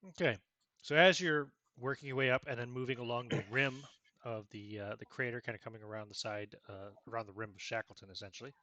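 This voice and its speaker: Man, game master, hesitant, fillers, self-correcting, mid pitch. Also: fairly even intonation, fast talker, sharp tone, no echo, dull audio. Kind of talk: running a tabletop game over voice chat.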